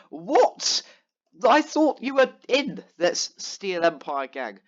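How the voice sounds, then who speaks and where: Exasperated guy ranting, higher voice. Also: sing-song, slow, lo-fi sound. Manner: rambling, exasperated storytelling with many fillers. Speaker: gaming vlogger. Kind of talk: casual ranting commentary over gameplay.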